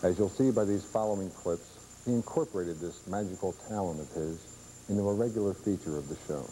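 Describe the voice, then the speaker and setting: A man giving measured, scripted narration for a tribute documentary. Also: low-pitched, mellow, slight background noise, poor audio.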